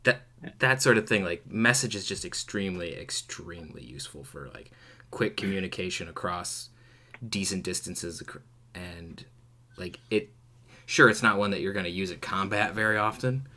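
A man's voice: low-pitched, normal speed, pushed and bright. A man co-hosting a casual tabletop game podcast, rambling with many fillers. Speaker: podcast co-host. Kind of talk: casual chat about tabletop game spells.

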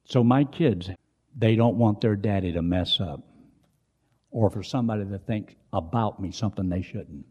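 An older man preaching a sermon, folksy and asking his listeners questions, moving from quiet storytelling to loud emphasis. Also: fairly low pitch, moderate pace. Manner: folksy, asks the congregation questions.

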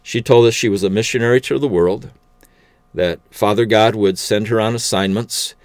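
A man telling a personal faith testimony in an unhurried, conversational way, with the odd "uh". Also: on the low side, steady tone, dry recording. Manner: unhurried, conversational storytelling with fillers.

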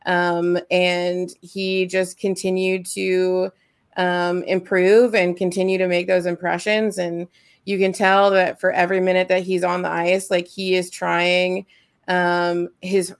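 A woman's voice: on the low side, little pitch movement, a little slow, clear, resonant tone. A woman co-hosting a podcast, chatting with gushing enthusiasm. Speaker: podcast co-host. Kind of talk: casual chat.

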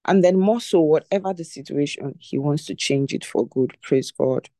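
Devotional teacher, mellow tone, dry sound, emphatic and repetitive, asks rhetorical questions. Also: medium pitch, moderate pace, dry recording.

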